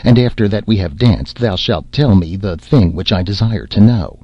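A man's voice: on the low side, expressive, normal speed, no echo. A man voicing an eager, reckless young fisherman who speaks earnestly in an audiobook reading. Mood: pleading. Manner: earnest, pleading. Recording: slightly dull lo-fi audio.

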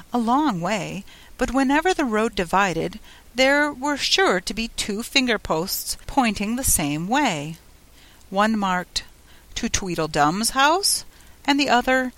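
Lively woman reading a storybook. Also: fairly high pitch. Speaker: audiobook narrator. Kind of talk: storybook narration.

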